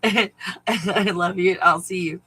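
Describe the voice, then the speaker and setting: A man's voice: high-pitched, fairly even intonation, measured pace, pushed and bright, husky, no echo, low-quality recording. A man hosting a casual spiritual livestream, talking in a rambling, profane way and often laughing. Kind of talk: casual chat to viewers.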